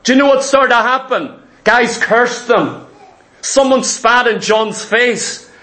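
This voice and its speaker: A man preaching with lively storytelling, slipping into the voices of the people in his stories. His voice sits very high for a man. The tone is bright and forward. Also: slow pace. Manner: animated storytelling, acting out voices of disciples. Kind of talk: sermon.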